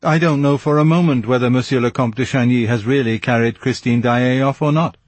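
Smug police commissary with a husky voice and brisk, pointed questions, read by a man. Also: medium pitch, fairly even intonation, dry recording, voice pushed up, lightly acted. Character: smug self-satisfied male police commissary.

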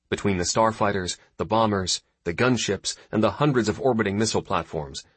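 Low husky male narrator, steady audiobook read, dry close mic. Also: no room sound. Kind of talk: scripted narration.

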